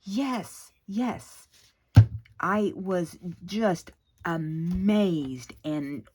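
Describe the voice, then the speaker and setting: A woman's voice: lowish voice, drawn-out words, background noise. A woman hosting a crafting vlog, rambling and exclaiming as she works at her craft table. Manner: rambling, exclaiming, talking while working. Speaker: crafting channel host.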